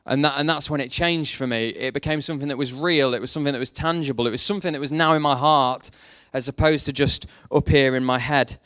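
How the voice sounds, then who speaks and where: A man's voice: medium pitch, fast, hardly any pauses, fairly bright tone, clean tone, dry recording, studio quality. A young man preaching a sermon, mixing faith talk with self-deprecating jokes about his past. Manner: jokey, self-deprecating storytelling. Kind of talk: sermon with personal stories.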